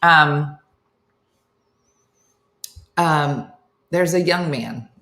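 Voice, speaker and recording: Speaking extremely slowly in a low voice, a woman runs a comedy morning show livestream, chatting casually with her audience. She laughs, reads viewer names aloud and tells lively stories, performing the voices of the people in them, in an echoey room.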